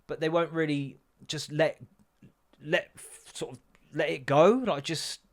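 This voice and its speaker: A man riffing through a sweary, rambling comic rant as a podcast host. His voice sits a touch high for a man. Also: fairly even intonation, measured pace, a little hiss or hum. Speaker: podcast host and stand-up comedian.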